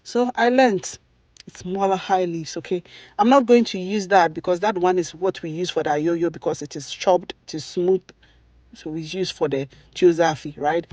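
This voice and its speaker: A woman's voice: on the low side, moderate pace, a little mellow, no echo, lo-fi sound. Chatty Ghanaian woman cooking vlogger. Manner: chatty, ends sentences with "okay?" and "right?".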